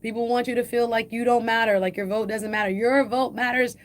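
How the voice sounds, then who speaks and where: A woman host with a Jamaican accent, reading an editorial aloud and commenting on it, slowing down and lifting her voice on key phrases. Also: steady tone. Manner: emphatic, slows and lifts pitch on key phrases.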